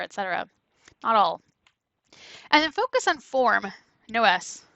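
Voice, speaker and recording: A woman lecturer giving a conversational classroom lecture, often checking in with "right?" and breaking into animated asides. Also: on the high side, no echo, dull audio. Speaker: university lecturer.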